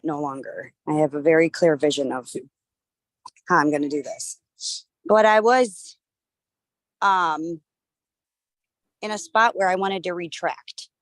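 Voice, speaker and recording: A woman taking part in a live video call, reflective and hesitant, pausing with fillers as she shares. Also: fairly low pitch, dry recording. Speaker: participant.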